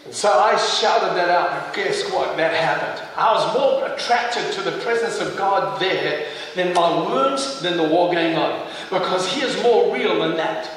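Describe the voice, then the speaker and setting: A man's voice: high-pitched, measured pace, a bit bright, slight background noise. A man with a South African accent giving an intense testimony sermon, building to fervent emphasis. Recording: echoey hall, mic heard from far off.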